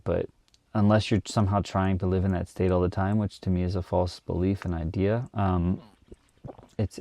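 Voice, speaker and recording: A young man and new father speaks in a low, gravelly, mellow voice on a dry recording. Addressing his viewers to camera, he's earnest and reflective, full of "like" fillers and restarts.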